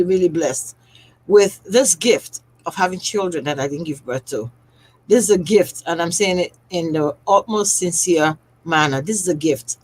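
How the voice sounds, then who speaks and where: A woman's voice: on the low side, breathy edge, rough recording. A woman running her business's livestream, talking to viewers in a heartfelt way and close to tears. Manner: heartfelt and tearful, speaking directly to viewers. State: on the verge of tears. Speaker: skincare business owner hosting a live stream. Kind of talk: emotional personal livestream.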